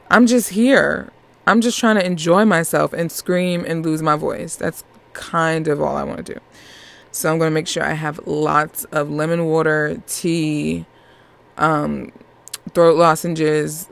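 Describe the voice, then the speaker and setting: A woman's voice: fairly low pitch, vocal fry. A woman hosting a podcast, chatting casually and animatedly as she reviews a movie, laughing often. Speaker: podcast host.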